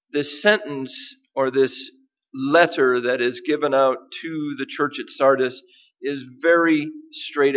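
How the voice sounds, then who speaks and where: A man preaching a sermon, deliberate and emphatic, with dramatic pauses. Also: medium pitch, fairly bright tone, dull audio. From United States. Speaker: pastor.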